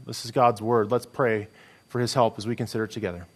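A man's voice: on the low side, level tone, quick pace, breathy edge. A middle-aged man preaching a sermon as pastor, earnest and conversational, with frequent restarts.

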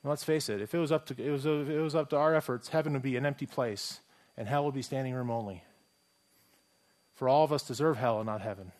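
A man's voice: medium pitch, fast talker, darkish tone. Man, pastor, sermon, conversational, rhetorical questions, frequent restarts.

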